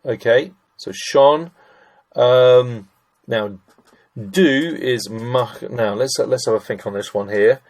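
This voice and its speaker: This middle-aged man's medium-pitched, darkish voice takes its time as he teaches German grammar over a screen recording. He talks casually, thinking out loud while working through sentences, and calls the audience ladies and gents.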